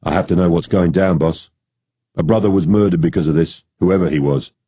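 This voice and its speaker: A serious male detective who speaks quietly and earnestly, as a man reads him. The voice is deep and husky. The sound is dry. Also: brisk, no room sound.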